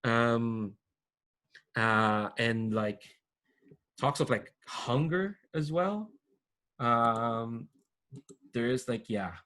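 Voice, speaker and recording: A man's voice: medium pitch, very slow, pauses often, bright, forceful tone. A man narrating as game master of a tabletop role-play game in a casual, rambling way with many restarts. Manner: rambling, full of fillers and restarts.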